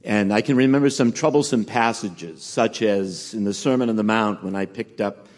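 A man preaching in a conversational, halting way with frequent fillers. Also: fairly low pitch. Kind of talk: sermon.

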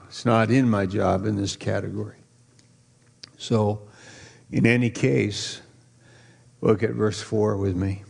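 Pastor, male, lower-pitched, gravelly; slow, playful sermon that quizzes the congregation. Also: fairly even intonation. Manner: drawn-out emphasis on key words.

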